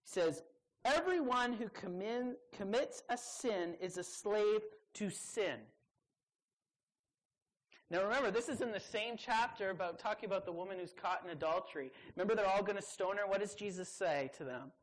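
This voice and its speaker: A woman preaching a sermon to a live audience. She speaks emphatically and conversationally, with teasing asides and sudden jumps into high voices for quotes. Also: normal speed.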